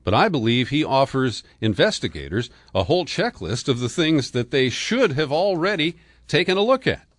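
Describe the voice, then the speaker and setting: A man's voice: medium pitch, very animated, moderate pace, hardly any pauses, no echo. Sardonic man with a dry close sound. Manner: sardonic, scornful asides. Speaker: political commentary host. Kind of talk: opinionated news commentary.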